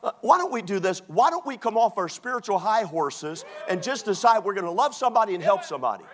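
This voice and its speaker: A male pastor preaching with a lively, swooping delivery. His voice sits high for a man, and he jumps from scripture reading to sharp, mocking asides. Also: fast. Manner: animated, mocking, preaching with quoted put-on voices. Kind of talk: sermon.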